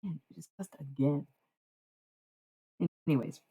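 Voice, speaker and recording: A live streamer chatting casually with viewers, swearing and laughing freely, and reading spiritual passages aloud slowly and deliberately. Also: medium pitch, creaky, slightly rough, phone-quality sound.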